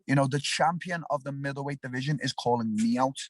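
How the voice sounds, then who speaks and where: A man's voice: medium pitch, fast talker, no echo. A young man with a Liverpool accent, a fighter talking bluntly and animatedly in an interview, often restarting his sentences. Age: young adult. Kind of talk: casual interview talk.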